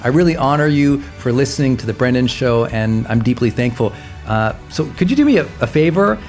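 A man's voice: mid-range voice, animated, brisk. A man hosting a podcast, thanking listeners and earnestly asking them to join his program. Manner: earnest, warm thanks, direct appeal to listeners. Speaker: podcast host. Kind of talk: podcast outro and promo. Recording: soft music behind.

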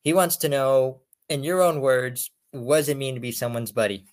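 A man's voice: mid-range voice, moderate pace. Enthusiastic male podcast host. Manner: enthusiastic, friendly questioning. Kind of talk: casual interview chat.

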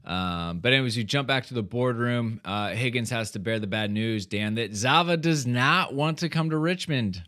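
A man's voice: medium pitch, normal speed, hardly any pauses, sharp tone. A man co-hosting a casual podcast recap, rambling through his points with many fillers and trailing sentences. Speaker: podcast co-host.

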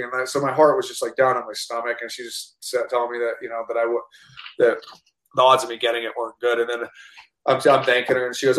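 A man tells his story in loose, casual talk, words tumbling out quickly. He is animated and swears freely, restarting sentences as he goes. The room has a roomy echo to it. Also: mid-range voice. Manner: animated, profane, full of restarts. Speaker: guest actor.

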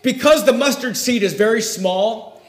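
A man preaching a sermon in a folksy way, swinging between loud emphasis and hushed asides. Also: very high-pitched, moderate pace, roomy sound.

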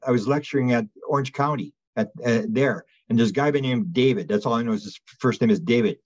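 A man being interviewed as a guest researcher, telling stories in a rambling, animated way with many restarts. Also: medium pitch, dull audio. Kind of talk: casual storytelling interview.

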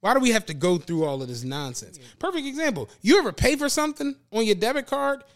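Fast and high-pitched, this male podcast co-host tells stories in a casual conversation. He's animated, swears without holding back, and acts out the lines people said.

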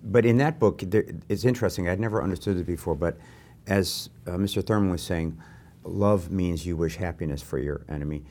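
An older man hosting a conversation, telling animated, self-deprecating anecdotes. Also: deep voice, a little fast. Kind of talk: conversational interview.

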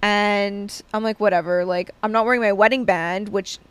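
A woman's voice: medium pitch, fairly even intonation, normal speed, smooth, no echo. A young woman co-hosting a podcast, telling a story in casual chat, full of "like" and acted-out quotes. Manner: chatty storyteller, lots of "like", acts out quotes. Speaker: podcast co-host.

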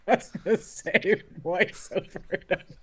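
A man's voice: high voice, unhurried, husky. A man in a casual podcast chat, cutting in with dry jabs at a friend's impressions. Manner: dry heckling. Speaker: podcast panelist.

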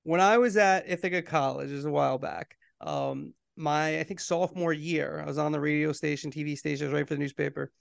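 A man's voice: on the high side, lively intonation, fast talker, vocal fry, few pauses, no echo. A middle-aged man co-hosting a podcast in casual chat, telling stories and laughing easily. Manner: chatty, storytelling, laughs easily. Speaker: podcast co-host.

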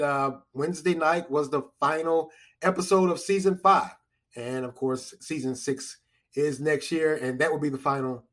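A man's voice: mid-range voice, fairly bright tone. A man hosting a casual solo podcast, rambling and repeating himself with chuckling asides. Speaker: podcast host.

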